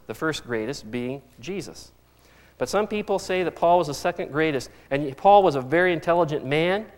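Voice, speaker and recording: A middle-aged man preaching a sermon as pastor, earnest and fond of repeating phrases for emphasis. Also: a little high.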